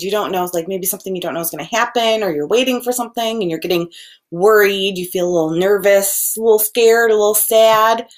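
A woman preschool teacher giving a gentle, expressive lesson to young children, acting out each feeling as she names it. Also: mid-range voice, moderate pace. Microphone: video recording.

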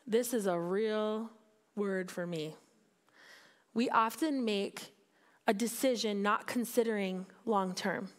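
A woman pastor preaching a sermon in a candid, conversational way, building to emphatic peaks. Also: mid-range voice. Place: church sanctuary.

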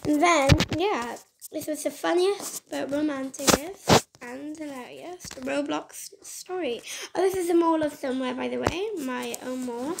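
A woman's voice: high voice, a little slow, gravelly, heavy background noise. A woman casually retelling a game story in a rambling, scattered way, recorded on a phone mic. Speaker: gaming vlogger.

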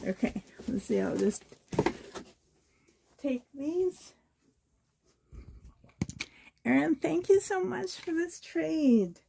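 A hoarse woman from Canada gushing with delight as she unboxes a reborn doll trade for her vlog. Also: sits high, expressive, slow pace, background noise. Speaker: reborn doll collector vlogger.

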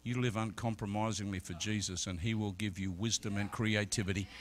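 A middle-aged man preaching a sermon as an evangelist, telling stories and swinging from quiet talk to loud shouted peaks. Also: on the low side, fairly even intonation, brisk. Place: church service.

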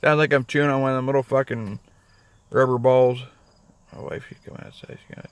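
Talking quickly in a steady, medium-pitched voice, a man records a casual vlog from his parked car. He rambles, curses frequently and mocks himself along the way.

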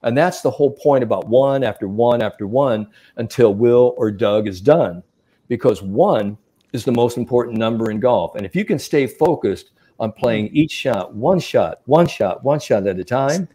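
Speaking at an even, moderate pace with a medium-pitched voice, a sports psychologist chats on a podcast about mental coaching. He brings his stories to life, acting out whoever he's quoting.

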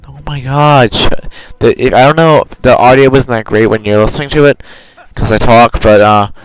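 A man's voice: medium pitch, fairly even intonation, moderate pace, poor audio. Give me a young man rambling through casual game commentary, often correcting himself. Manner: rambling, self-correcting, chatty. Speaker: gamer. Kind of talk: casual let's play commentary.

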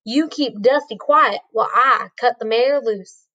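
Woman playing a calm cowboy, easygoing drawl, unhurried, storybook read-aloud. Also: fairly high pitch, lo-fi sound. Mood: steady. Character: calm old-west cowboy man.

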